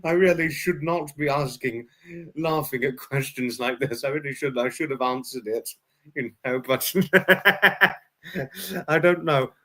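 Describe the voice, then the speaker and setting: A man's voice: medium pitch, a little slow, fairly bright tone. A man hosting a casual livestream, chatting with viewers and reading their comments aloud, giggling constantly between his words. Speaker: livestream host.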